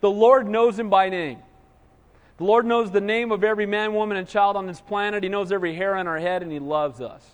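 A man preaching a sermon in a church, animated, with frequent call-and-response. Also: sits high, brisk. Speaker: pastor. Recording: long hall reverb.

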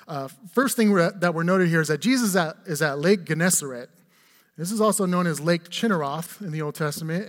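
A man's voice: fairly high pitch, a bit bright, in a large hall. A man in his forties preaching a sermon as pastor, telling funny stories and asking the congregation rhetorical questions. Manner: humorous storytelling, conversational with rhetorical questions.

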